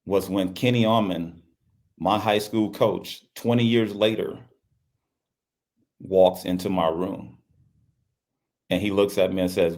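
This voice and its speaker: Deep-voiced man telling a personal story. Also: fairly even intonation, slow pace, pauses often, a little mellow. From Louisiana. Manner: earnest, repeats phrases, acts out quoted speech. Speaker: basketball coach and guest.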